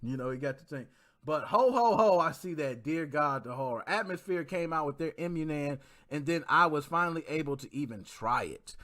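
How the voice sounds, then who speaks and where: Male livestream host, lively swooping slang talk, reading chat aloud. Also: a little high, moderate pace. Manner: animated slangy shout-outs, reads chat comments. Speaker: podcast host. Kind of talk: casual livestream podcast chat.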